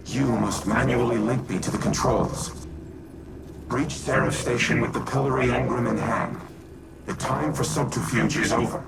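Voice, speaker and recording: A man voicing a grave, ancient male warmind AI in a video game, giving formal, measured commands. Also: mid-range voice, creaky, heavy background noise, natural voice. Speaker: game character. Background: loud game music.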